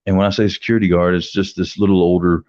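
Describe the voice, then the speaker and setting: Deep-voiced man telling a rambling story. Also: little pitch movement, fast talker, darkish tone, dry recording. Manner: rambling, profane, acts out quotes with raised pitch. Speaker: livestream host telling a story. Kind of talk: casual storytelling. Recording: dry, slightly dull lo-fi sound.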